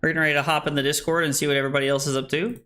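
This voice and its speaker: A man's voice: on the high side, little pitch movement, racing, sharp tone. A tipsy man streaming a card game, joking, laughing and swearing with his chat. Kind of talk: casual livestream chat over a card game. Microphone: streaming microphone.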